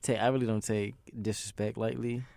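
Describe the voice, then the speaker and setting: A man's voice: on the low side, little pitch movement, fairly quick, creaky, mellow, no room sound, clean studio sound. A young man from DC, co-hosting a podcast and rambling through stories in casual, slangy chat. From Washington DC. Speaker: podcast co-host.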